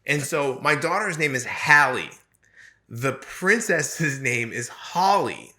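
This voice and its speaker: A man co-hosting a casual podcast chat, talking in an animated, rambling way with frequent restarts. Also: a little high, takes it slowly. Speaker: podcast co-host.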